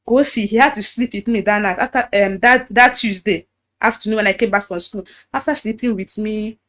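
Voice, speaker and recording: A woman's voice: medium pitch, a little fast, a bit bright. A young Nigerian woman with a Nigerian accent telling her personal story, quoting other people's words and acting out a man's lines in a raised voice. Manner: recounts dialogue, acts out the pastor's lines in a raised voice. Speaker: testimony giver. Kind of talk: emotional personal testimony.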